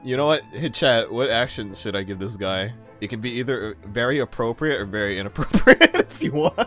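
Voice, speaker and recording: A man's voice: mid-range voice, animated, brisk, a bit bright, soft background music. A male streamer chatting casually while playing, giggly and self-deprecating. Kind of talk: casual let's-play chat.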